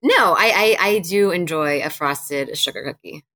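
A woman co-hosts a podcast with a low yet bright, forward voice. She chats in a friendly, upbeat way and reads the sponsor spots. The mic is close and dry. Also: expressive, a little slow, dry recording. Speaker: podcast co-host. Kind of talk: casual chat and read sponsor message.

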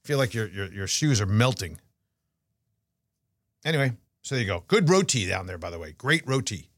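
A middle-aged man co-hosting a podcast, telling a story in casual chat with animated delivery and frequent restarts. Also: on the low side, moderate pace, no room sound, clean studio sound. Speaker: podcast co-host.

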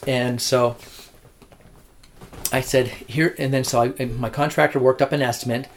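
A real estate agent casually recounting a deal with a client, rambling with restarts and acting out quotes. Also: male voice, mid-range voice, fairly even intonation, normal speed, slight background noise. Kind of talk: casual storytelling.

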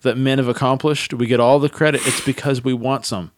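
A man's voice: mid-range voice, brisk, dry recording. Man asking questions in a dry room. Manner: relaxed, hesitant questions with restarts. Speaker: interviewer. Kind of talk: casual conversation.

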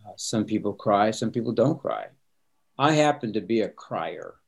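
Man, middle-aged, pastor, earnest, reflective, lowish voice, conversational. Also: animated, moderate pace, slightly rough. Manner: earnest, reflective, repeats words when starting sentences. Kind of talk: conversational interview answers.

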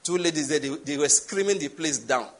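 A man with a Nigerian accent tells a story while preaching a sermon, speaking fairly quickly. He stresses words emphatically, leaping high and loud on the key ones.

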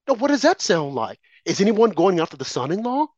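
A man's voice: sits high, very animated, brisk, a little mellow, dry recording, muffled recording. A man co-hosting a political talk show, delivering impassioned, preachy commentary full of rhetorical questions and warnings.

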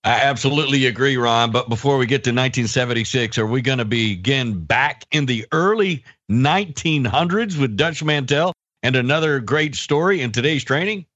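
A man co-hosting a podcast, who asks quick questions to set up the next story. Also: mid-range voice, fairly bright tone, dry recording. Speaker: podcast co-host. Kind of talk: casual chat. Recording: dry, dull lo-fi audio.

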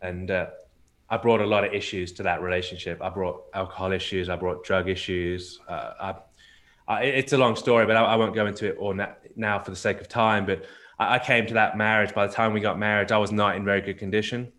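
A man with a very low voice speaks as a podcast guest. He tells a personal story frankly and often doubles back on his words as he talks. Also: steady tone, fairly quick, fairly bright tone. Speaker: podcast guest, marriage coach.

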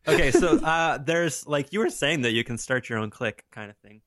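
A man's voice: medium pitch, big pitch swings, a little fast, fairly bright tone, dry recording, clean studio sound. A young man co-hosting a podcast, chatting casually and rambling through a story with frequent laughs. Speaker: podcast co-host. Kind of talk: casual chat.

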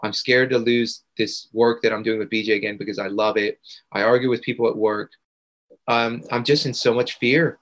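A man's voice: medium pitch, fairly even intonation, normal speed, a bit bright. A man, a guest on a podcast, earnestly telling a personal story and emphatically repeating key words. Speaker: podcast guest, integration coach.

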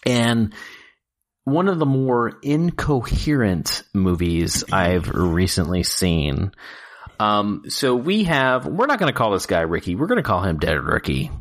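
A man co-hosting a casual podcast, excitable, swearing freely and laughing often. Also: on the low side, a little slow. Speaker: podcast co-host reviewing films. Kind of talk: casual chat.

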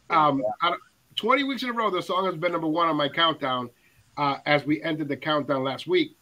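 A man's voice: high-pitched, sharp tone, rough recording. A man hosting a casual music panel, enthusiastic and chatty with frequent fillers. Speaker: radio countdown host.

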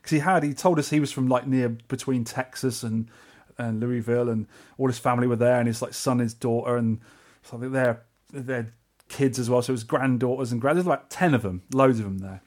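Quick chatty london guy on a podcast, telling stories, doing little voices for people he met. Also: medium pitch. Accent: English, London. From England. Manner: animated, acts out quoted voices. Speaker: podcast co-host. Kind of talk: casual storytelling chat.

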